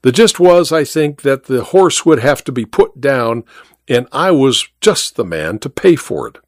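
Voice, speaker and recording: Man narrating with a lively, wry voice. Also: mid-range voice, measured pace, no echo, clean studio sound. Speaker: audiobook narrator. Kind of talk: scripted first-person narration.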